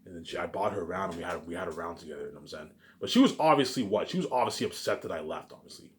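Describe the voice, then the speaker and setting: This man's low voice is animated and rapid-fire as he rants through a rambling, boastful monologue. He repeats himself and tacks "obviously" and "you know what I'm saying" onto every sentence.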